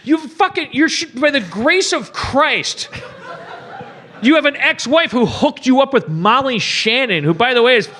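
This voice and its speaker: A man in his forties, a podcast host, delivering a profane, animated comedic movie rant with bursts of mock-outraged shouting. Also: very high-pitched, normal speed. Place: live stage show before an audience.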